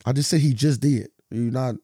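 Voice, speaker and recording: A man's voice: mid-range voice, moderate pace, dark tone, slightly rough, no echo, studio quality. A man co-hosting a podcast in casual chat, arguing his point insistently and often laughing. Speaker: podcast co-host. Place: podcast studio.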